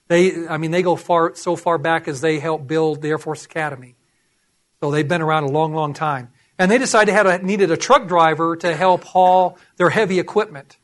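A middle-aged man preaching, telling personal stories and acting out the voices in them. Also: on the high side. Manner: animated storytelling, acts out voices. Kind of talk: sermon with personal testimony.

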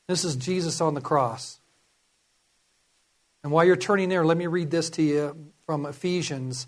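Guy preaching a sermon, pretty high voice, earnest and pushy, reads verses out. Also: normal speed, long pauses. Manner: earnest, urging, quotes scripture aloud.

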